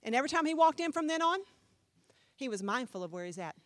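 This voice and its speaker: A woman pastor preaching a sermon, emphatic, firing rhetorical questions and swinging from loud to hushed. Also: high voice, big pitch swings, fast talker, no room sound.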